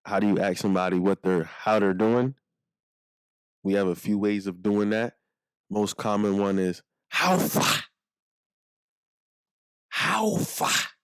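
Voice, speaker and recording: Nigerian guy teaching phrases, real low voice, dry close sound, slows down so u can repeat. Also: darkish tone, clean tone, no room sound. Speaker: language teacher. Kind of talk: casual spoken lesson.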